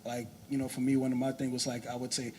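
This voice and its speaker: A man on a church panel talks in a casual, conversational way at a middle pitch. There is a faint noise behind him, and he leans on easy fillers as he makes his point. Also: monotone, fast talker, darkish tone. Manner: casual, conversational, many "you know".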